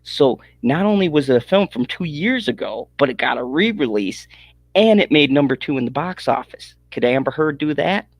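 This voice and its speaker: A man's voice: a little high, normal speed, no echo. A man hosting a podcast, chatting casually and brashly, reading out comments. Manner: animated, brash and laughing. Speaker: podcast host.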